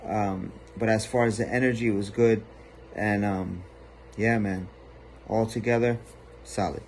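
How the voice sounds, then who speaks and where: Male judge, relaxed critique with lots of "uh", low voice. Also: unhurried, a little hiss or hum. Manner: relaxed, filler-heavy critique. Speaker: talent show judge. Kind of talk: judge feedback.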